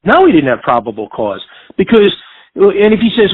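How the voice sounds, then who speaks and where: A man's voice: high voice, sing-song, normal speed, husky, dry recording. A man hosting a radio talk show, lecturing insistently and repeating his points. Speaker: radio host giving legal advice. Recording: dry phone-line sound.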